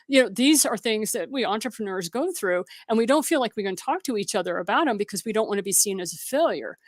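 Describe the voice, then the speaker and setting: A woman's voice: medium pitch, animated, fast talker, no room sound, clean studio sound. A woman from Missouri, a guest entrepreneur in an interview, telling stories in a direct way and acting out the dialogue she quotes. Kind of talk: interview conversation.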